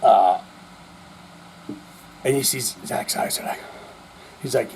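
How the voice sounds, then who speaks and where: A man's voice: on the high side, sing-song, normal speed, gravelly, pauses often, a little mellow, husky. A man hosting a show, telling rambling, profane stories and acting out quoted voices. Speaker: host. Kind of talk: casual rambling monologue.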